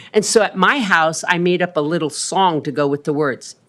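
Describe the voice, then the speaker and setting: A woman's voice: on the low side, moderate pace. A woman in her sixties on the city council, giving a rambling, chatty report full of ums at a council meeting. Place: council chamber.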